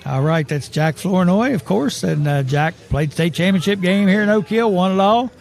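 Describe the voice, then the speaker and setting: A man's voice: high-pitched, normal speed, creaky, a little mellow. A man hosting a casual sports talk show, rambling and chuckling as he tells stories. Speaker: host.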